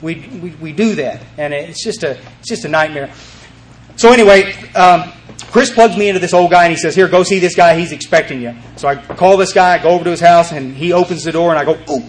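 An older man sharing his recovery story at a meeting, telling it in a lively, animated way and acting out the voices of the people in it. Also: fairly high pitch, a little fast. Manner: animated storyteller, acts out voices, many restarts.

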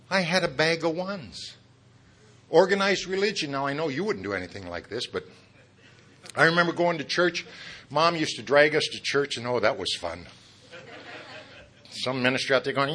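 Middle aged guy, bright punchy voice, self-mocking jokey testimony, talks right at the crowd. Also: a little high, animated, normal speed, long pauses. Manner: self-deprecating, jokey, chuckles at his own lines; talks straight to the audience with asides. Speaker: speaker at a recovery meeting. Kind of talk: humorous personal testimony.

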